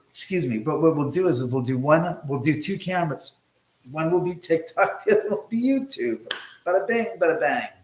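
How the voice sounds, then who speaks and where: A middle-aged man hosting a casual livestream from his house, chatting and joking with viewers and cursing freely as he reads their comments. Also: a little high. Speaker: livestream host. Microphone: phone. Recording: echoey room.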